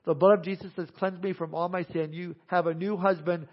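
A man's voice: sits high, level tone, a little fast, pitched above the performer's own voice. A preacher acting out a remorseful gambler pleading for hope, his voice raised and emphatic. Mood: tearful. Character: remorseful grown man, gambler and saloon keeper, pleading. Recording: dull lo-fi sound.

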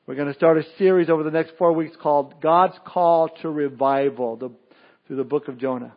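High-voiced man preaching, dull recording. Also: fairly even intonation, brisk. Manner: folksy, joking asides and prayer. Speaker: pastor. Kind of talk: sermon.

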